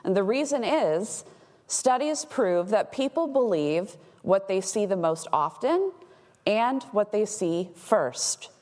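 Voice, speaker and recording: A woman from Texas giving a conference talk as a threat intelligence analyst, explaining in a clear way with light humor. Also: medium pitch, expressive, slow pace, a little mellow. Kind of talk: conference presentation. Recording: long hall reverb.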